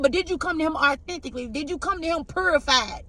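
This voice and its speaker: A woman's voice: high-pitched, quick pace, pushed and bright. Tarot lady preaching to her viewers, heartfelt and confessional, keeps asking if u get what she's saying. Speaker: tarot reader giving spiritual messages. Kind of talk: emotional spiritual pep talk to viewers.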